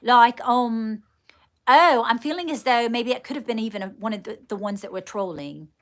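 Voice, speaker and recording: A woman with a slightly high voice works as a medium on a live stream, addressing her viewers directly. She talks in stops and restarts, repeating words as she goes. She keeps calling her viewers darling. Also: normal speed. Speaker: psychic medium. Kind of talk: live-stream channelling session.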